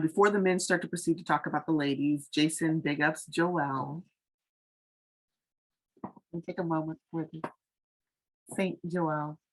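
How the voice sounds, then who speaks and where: This TV recap vlogger's voice sits low, and the recording quality is poor. She runs through a reality dating show in a loose, chatty way, speaking frankly, sharing strong opinions, and filling gaps with plenty of "um" and "like."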